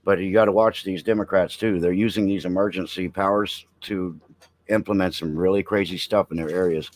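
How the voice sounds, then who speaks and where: A man's voice: low-pitched, fairly even intonation, a little fast, low-quality recording. A middle-aged man hosting a veteran's live stream, reading headlines and riffing bluntly with chat. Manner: blunt, joking, reads headlines then riffs, talks to chat. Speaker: veteran podcast host. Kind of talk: casual live-stream commentary.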